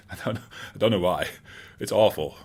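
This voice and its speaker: A man's voice: low voice, a little slow, a little mellow, husky. A man in his thirties with a Dutch accent, chatting casually with his stream chat, rambling with fillers as he answers them. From Netherlands.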